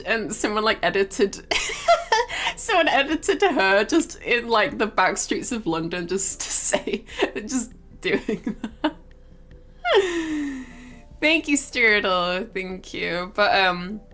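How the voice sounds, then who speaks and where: A woman's voice: medium pitch, a bit bright. A young woman livestreamer telling a story in a casual, rambling way, full of fillers and giggles. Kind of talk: casual storytelling to a stream chat.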